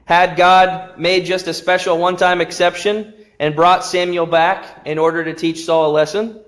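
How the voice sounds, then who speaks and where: A man's voice: high voice, flat delivery, moderate pace, fairly bright tone. A man preaching an earnest, emphatic sermon in a church.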